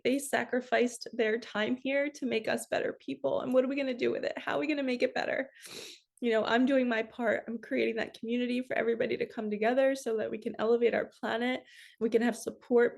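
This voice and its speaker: A middle-aged woman giving a heartfelt spiritual card reading, talking softly and directly to her viewers. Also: a little high, vocal fry. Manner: soft, heartfelt, tearful at times.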